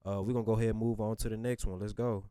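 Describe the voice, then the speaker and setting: A man's voice: on the low side, level tone, very fast, dark tone, smooth, no room sound. Guy reacting to rap tracks, chill and rambly, dry close sound. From Southern United States. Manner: laid-back, rambling, full of "you know what I'm saying". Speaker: music reaction host. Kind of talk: casual reaction commentary.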